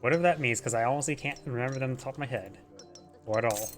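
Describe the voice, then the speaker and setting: A man's voice: medium pitch, very fast. Man casting a strategy game replay over music. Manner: rambling, trips over unit names. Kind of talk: casual replay commentary.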